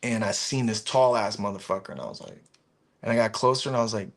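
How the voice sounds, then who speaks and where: A man's voice: lowish voice, quick pace. A man hosting a casual live stream chat, telling stories with lots of swearing and acted-out quotes over a video call. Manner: animated storyteller, swears freely, acts out quotes. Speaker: stream host.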